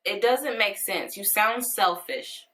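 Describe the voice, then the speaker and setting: A young woman in a personal video monologue, tearful and earnest, pausing and restarting her sentences. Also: medium pitch, bright, forceful tone, low-quality recording. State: crying, tearful. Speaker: vlogger.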